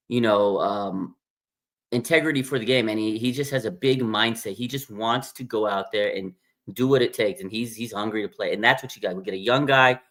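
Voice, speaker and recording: A man hosting a casual sports livestream, rambling excitedly and reading viewer comments aloud. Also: mid-range voice. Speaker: sports podcast host.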